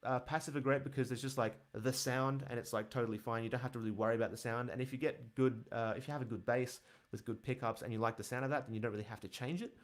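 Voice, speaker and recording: A man teaching bass in a casual livestream, rambling with lots of fillers as he answers questions. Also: quick pace, hardly any pauses. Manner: relaxed, rambling, many fillers, counts and scats rhythms aloud. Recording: bass guitar playing behind.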